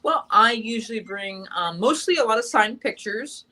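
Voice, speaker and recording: A woman's voice: on the high side, lively intonation, normal speed, pushed and bright, low-quality recording. A young adult woman chatting casually in an interview as the guest actress, talking in long runs with lots of fillers and restarts.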